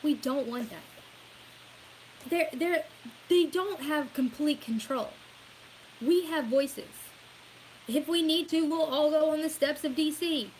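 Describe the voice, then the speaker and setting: A woman's voice: high voice, slow, long pauses, a little mellow, slight background noise, poor audio. A woman from Louisiana with a Southern accent, talking earnestly and rambling a bit in a casual opinion vlog, often saying y'all. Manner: rambling, earnest, says y'all, laughs at herself. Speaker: political vlogger.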